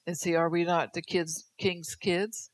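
A woman's voice: fairly low pitch, level tone, unhurried, dry recording. An older woman preaching at a church service, exhorting the congregation, speaking prophetic words in the first person and adding folksy teasing asides. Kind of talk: sermon.

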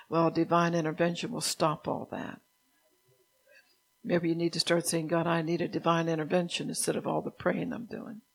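An older woman pastor preaching a sermon in a soft, unhurried way, stopping now and then to correct herself. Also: on the low side, creaky.

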